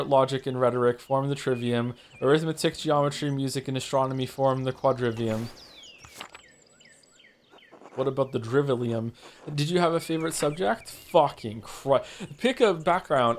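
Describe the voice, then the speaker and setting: A man streaming a game, reading its text aloud and swearing often in rambling asides, stumbling over names. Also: mid-range voice. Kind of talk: live game stream read-along.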